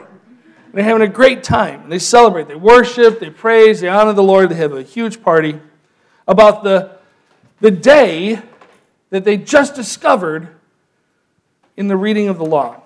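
A man preaching a sermon as pastor, telling the story with lively, animated delivery and acting out voices. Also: high voice, a little slow, long pauses.

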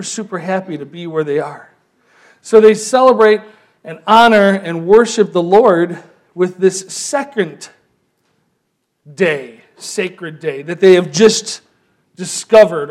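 A man preaching a sermon as pastor, telling the story with lively, animated delivery and acting out voices. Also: sits high.

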